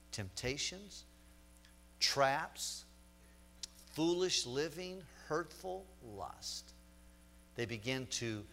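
A middle-aged man preaching a sermon as pastor, emphatic, repeating words and slowing down to stress a point. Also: mid-range voice, sharp tone, a little hiss or hum.

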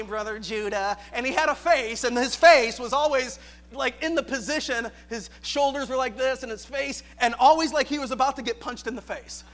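A youth pastor with a very high, bright voice preaching a sermon. He builds to shouted, rousing questions, then drops into soft, chuckling storytelling. His delivery is lively and sharp throughout. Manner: animated preaching, swinging from shouted questions to quiet storytelling with laughs.

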